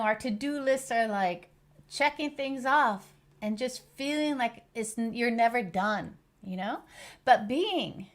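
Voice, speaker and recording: A woman's voice: fairly high pitch, fairly bright tone. A woman hosting a live stream as a life coach, talking in an earnest, encouraging way with many fillers and restarts.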